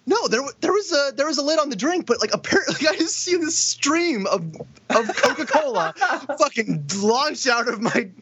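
A man's voice: extremely high pitch, sing-song, moderate pace, fairly bright tone. A young man co-hosting a podcast, telling rambling stories with lots of swearing and laughter, on a dull lo-fi recording. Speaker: podcast co-host. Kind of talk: casual chat.

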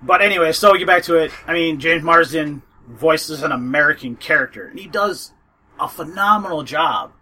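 Husky, bright-voiced man chatting casually. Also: on the high side, moderate pace. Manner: rambling, loses his train of thought. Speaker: podcast co-host. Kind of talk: casual chat about books.

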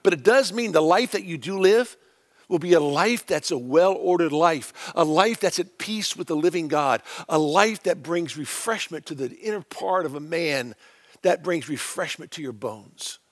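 High-voiced emphatic male preacher. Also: lively intonation, normal speed. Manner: emphatic, swings between loud stresses and quiet low phrases. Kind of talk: sermon.

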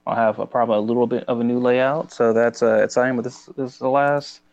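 A man co-hosting a casual podcast, halting and stumbling over his words. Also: mid-range voice, level tone, darkish tone, muffled recording. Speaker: podcast co-host. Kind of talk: casual chat.

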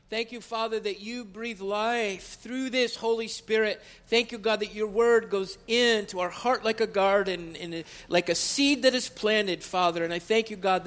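A man's voice: very high voice, a bit bright. A male pastor, praying and then preaching a sermon in a church, stretching key phrases as his intensity builds. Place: church sanctuary.

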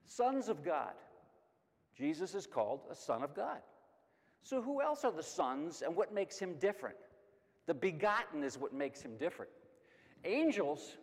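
Middle-aged guy teaching a bible class, a bit high voice, long echo like a big church hall. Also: a little slow, long pauses. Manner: lively, emphatic, asks and answers his own questions. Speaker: Sunday school teacher. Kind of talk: Bible lesson.

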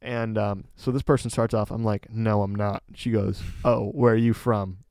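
Animated man telling a podcast story. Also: lowish voice, normal speed, dry recording, studio quality. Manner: animated storytelling, lots of "like" fillers. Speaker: podcast co-host. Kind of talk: casual storytelling chat.

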